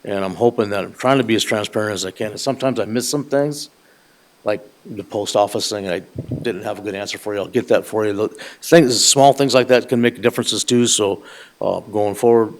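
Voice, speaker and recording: Earnest lower-voiced man chairing a board. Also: fairly quick. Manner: earnest, rambling, restarts phrases. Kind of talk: chairing a public meeting.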